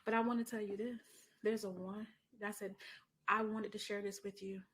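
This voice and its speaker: A middle-aged woman hosting a podcast, telling a story in a chatty way, calling her listener honey and dropping into soft asides. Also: mid-range voice, level tone, moderate pace. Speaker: podcast host. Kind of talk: casual podcast monologue.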